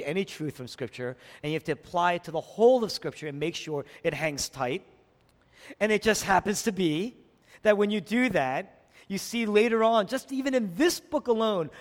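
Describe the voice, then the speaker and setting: A male pastor delivers a sermon in a long-reverb hall. His voice sits a bit high and swings widely, pressing rhetorical questions and climbing to emphatic peaks before dropping low.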